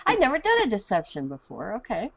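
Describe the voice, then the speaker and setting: Lively-voiced woman player. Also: mid-range voice, quick pace, vocal fry, husky. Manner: lively, chatty. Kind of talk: casual table talk. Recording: dull lo-fi mic.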